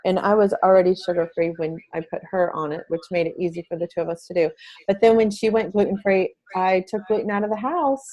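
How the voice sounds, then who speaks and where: A middle-aged woman, a parent advocate, speaks earnestly as an interview guest, talkative and restarting her sentences often. Her voice is fairly low and darkish, her pace quick, and the highs are cut off.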